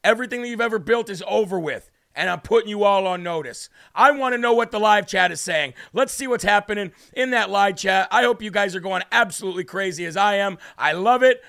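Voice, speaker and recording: Fired-up man with a gravelly high voice. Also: a little fast, few pauses, pushed and bright. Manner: fired-up, emphatic, repetitive. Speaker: political livestream host. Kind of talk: live show commentary reading chat.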